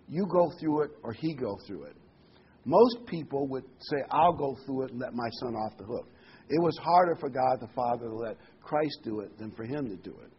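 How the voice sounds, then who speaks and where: A man's voice: medium pitch, husky, dull audio. A man giving a sermon, earnest and emphatic, repeating key words and reading scripture aloud. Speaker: preacher.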